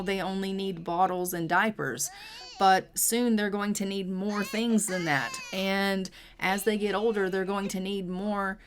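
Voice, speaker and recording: A woman's voice: mid-range voice, fairly bright tone. A young adult woman narrating her life-sim gameplay in a chatty, storytelling way as a gaming creator.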